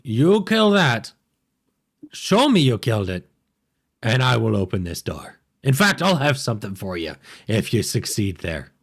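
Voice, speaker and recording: A man's voice: lowish voice, very animated, normal speed, breathy edge, full character voice. A man voicing a panicky, paranoid male gnome king who talks in frantic, insistent bursts.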